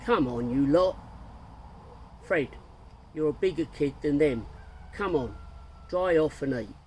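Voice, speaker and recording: A man's voice: fairly high pitch, lively intonation, slow pace, darkish tone, a little hiss or hum. A bossy mum calling everyone in, as a man puts her on. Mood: scolding. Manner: firm, scolding. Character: bossy cheerful mother calling everyone to eat.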